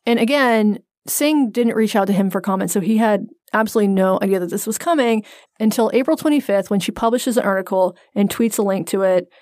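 A woman's voice: mid-range voice, brisk, darkish tone, dry recording. A woman co-hosting a podcast, explaining a story in a wry, casual way on a close mic. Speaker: podcast co-host. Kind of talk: casual chat.

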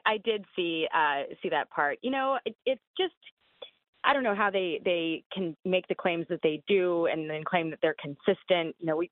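A woman's voice: on the low side, no echo. Woman correspondent on a tinny dry line. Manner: measured, with fillers. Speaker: White House correspondent. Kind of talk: news commentary.

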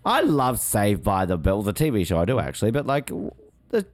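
A man's voice: on the low side, wildly swooping pitch, fairly quick, no room sound. A young man co-hosting a casual film commentary podcast, teasing his friend with gleeful enthusiasm. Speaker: podcast co-host.

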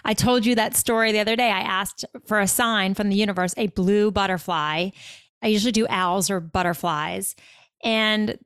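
A woman co-hosting a podcast, chatting casually and telling stories in an effusive, quick way, full of "like"s. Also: medium pitch, fairly bright tone, clear, resonant tone, dry recording, clean studio sound. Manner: effusive, quick storytelling with many "like"s. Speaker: podcast co-host. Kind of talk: casual chat.

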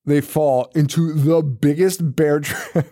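Speaking slowly in a voice on the high side, a man co-hosts a podcast discussion of a horror movie. The chat is casual and full of swearing, and he stays animated, laughing often.

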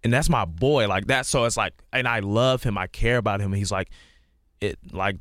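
A man's voice: fairly low pitch, a little fast, a bit bright, no room sound, studio quality. A male musician on a casual podcast interview, talking in an earnest, rambling way with lots of "like". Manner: earnest, rambling, heavy use of "like". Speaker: guest musician.

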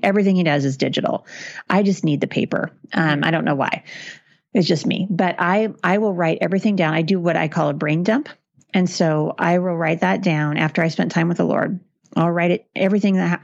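A woman's voice: sits low, creaky, no echo, dull audio. A middle-aged woman, a guest author, talking earnestly and encouragingly in long flowing stretches. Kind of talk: casual interview chat.

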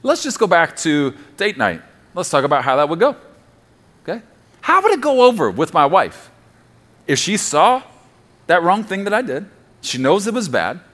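A middle-aged man preaching a conversational sermon as pastor, dropping to a soft murmur for quoted prayers and apologies. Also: sits high, sing-song, normal speed, long pauses.

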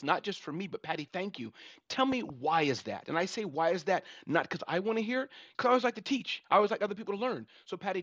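A man's voice: fairly high pitch, fairly bright tone, dry recording, muffled recording. A man in his forties hosting a live audio room, talking animatedly and saying the listener's name again and again. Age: 40s. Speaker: show host.

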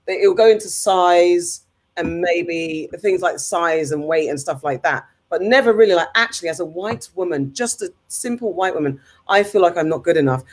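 A woman's voice: fairly low pitch, animated. A woman in a casual chat, making emphatic, opinionated points. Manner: rapid, emphatic opinionated talk.

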